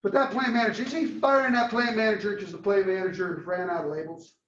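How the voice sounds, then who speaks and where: Animated high-voiced male lecturer, distant. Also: fast talker. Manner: animated storyteller acting out dialogue. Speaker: marketing lecturer. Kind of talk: classroom lecture with storytelling. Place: lecture room. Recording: roomy, distant, dull classroom recording.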